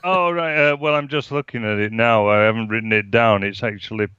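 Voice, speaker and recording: A man with a Yorkshire accent, co-hosting a casual film review chat in a measured, musing way. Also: on the low side, sharp tone, smooth, no echo. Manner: measured, musing, drawn-out phrasing. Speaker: podcast co-host, film reviewer. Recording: slightly dull lo-fi sound.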